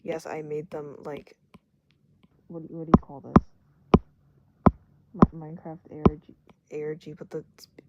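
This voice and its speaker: A young adult rambling casually while drawing, joking at their own expense and dropping into hushed asides. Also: medium pitch, highs cut off. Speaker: vlogger doodling on stream. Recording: loud background noise with clicks.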